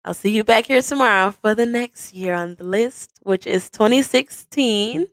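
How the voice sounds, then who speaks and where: A woman hosting a personal podcast, telling the story of her proposal to her partner in an animated, playful way. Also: medium pitch, normal speed, no room sound. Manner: animated, playful, acts out quoted voices. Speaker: podcast host.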